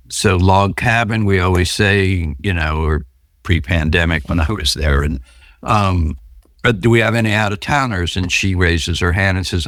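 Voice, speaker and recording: A podcast guest talks about his recovery in an interview, telling stories and acting out the voices of the people in them. His voice is low with a fairly bright tone, recorded dry at studio quality.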